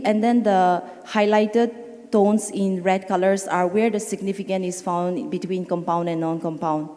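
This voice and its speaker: A woman presents research at a conference, pausing often and correcting herself as she goes. Her voice is mellow and dark, carried on a long hall reverb. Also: mid-range voice. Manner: hesitant, with fillers and self-corrections. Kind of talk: academic conference talk.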